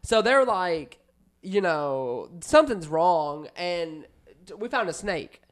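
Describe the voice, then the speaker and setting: A man's voice: sits high, big pitch swings, slow pace, a bit bright. A man telling a rambling childhood story in casual podcast chat, swearing and laughing often. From United States. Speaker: podcast co-host.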